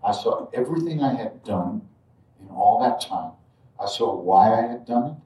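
A man telling a personal spiritual story in a reflective way, dropping to near-murmurs and then suddenly bursting loud as he acts out moments. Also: lowish voice, animated, normal speed. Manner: reflective, drifts quiet then jumps loud when acting out moments. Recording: roomy sound from a distant mic.

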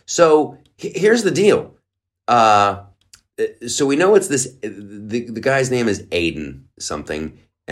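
A man hosting a podcast, riffing in a loose comedic monologue full of restarts and mocking asides. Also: fairly low pitch. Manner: rambling, lots of uh fillers and restarts, mocking. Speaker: podcast host. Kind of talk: casual comedic commentary.

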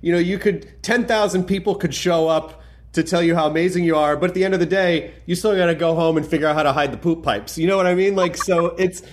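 A man's voice: on the high side, steady tone, quick pace. A man hosting a podcast, chatting effusively and rambling with lots of fillers. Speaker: podcast host. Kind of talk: casual chat.

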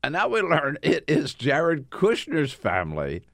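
A man's voice: a little high, huge pitch swings, a little slow, gravelly, a bit bright, no room sound, clean studio sound. A man hosting a political talk radio show, retelling events in an emphatic, indignant way.

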